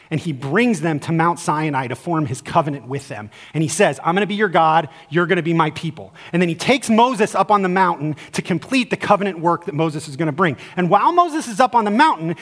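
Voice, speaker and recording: A male pastor preaching a sermon in a church sanctuary, casual and lively, then going slow and low for scripture. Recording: long hall reverb.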